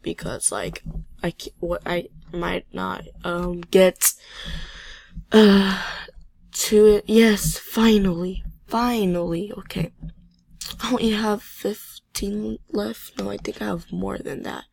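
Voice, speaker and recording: A woman giving casual gameplay commentary, excitable and easily flustered, stammering and grumbling impatiently about lag. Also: mid-range voice, slow, vocal fry, no echo. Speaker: game video creator.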